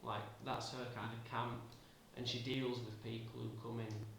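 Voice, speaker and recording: A man improvising a story out loud, hesitant and full of fillers. His voice has a gravelly edge. He sounds far off in a very echoey room with faint noise. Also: medium pitch, little pitch movement, normal speed. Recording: roomy, distant amateur recording.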